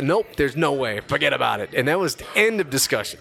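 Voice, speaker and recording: A man in his forties, a radio host, telling a story in casual podcast chat, slangy and lively, acting out quoted voices. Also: mid-range voice, fairly quick, creaky, faint music behind.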